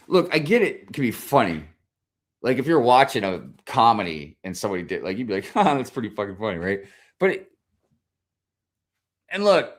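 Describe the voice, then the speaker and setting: A man ranting as a streamer, swearing constantly, animated and exasperated. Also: mid-range voice. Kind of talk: profane comedic rant.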